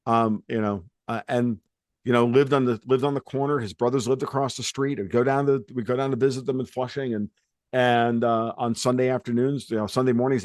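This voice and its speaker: A man's voice: mid-range voice, darkish tone, no room sound, clean studio sound. A man hosting a podcast, telling family stories in a rambling, salty way with many restarts. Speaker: podcast host. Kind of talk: casual podcast conversation.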